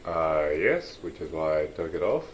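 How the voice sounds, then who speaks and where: A man's voice: rumbling low, big pitch swings, normal speed, slight background noise. A man streaming a game with a friend, joking around and playing the host. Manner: joking, sings and clowns around. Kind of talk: casual gaming chat.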